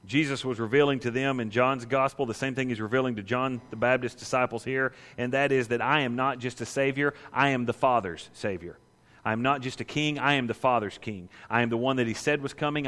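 A male pastor preaching a sermon with animated emphasis, his voice sitting at a middle pitch. A long reverb trails each phrase, as in a large sanctuary. He drives his points home with repeated rhetorical questions.

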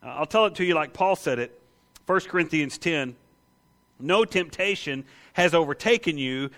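A man preaching with a bright, forceful tone, pitched a touch above the usual male range. He talks conversationally and emphatically, often putting questions to his listeners. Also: animated, moderate pace. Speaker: pastor. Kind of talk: sermon.

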